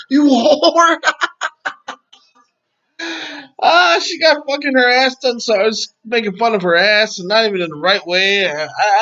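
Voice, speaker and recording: A man's voice: on the high side, a bit bright, muffled recording. A man hosting his own podcast vlog at home, telling a story in a rambling way with heavy profanity. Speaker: podcast host.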